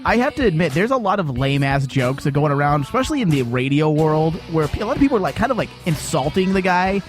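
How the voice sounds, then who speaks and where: A man's voice: a little high, very animated, fast, soft background music. A man hosting a casual comedy talk show, laughing often and saying "dude" a lot. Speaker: radio show host.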